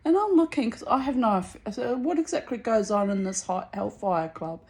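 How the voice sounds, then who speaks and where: Animated woman vlogger telling a story. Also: brisk. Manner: animated, laughing, rising high when excited. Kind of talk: casual storytelling.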